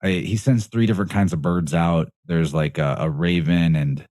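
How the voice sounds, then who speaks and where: A man with a deep, low-pitched voice talks as a podcast guest, recorded close and dry. He explains in a loose, rambling way, stopping to correct himself and laughing between thoughts. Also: fairly even intonation, normal speed, darkish tone, no room sound. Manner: rambling, self-correcting, laughs often mid-sentence. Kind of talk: casual podcast conversation.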